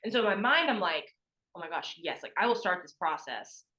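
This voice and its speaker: A woman's voice: fairly low pitch, animated, brisk, sharp tone, poor audio. A young adult woman, a former college athlete, chatting as a podcast guest and acting out what others said, with lots of "like". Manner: chatty, lots of "like", acts out quoted voices. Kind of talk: casual storytelling interview.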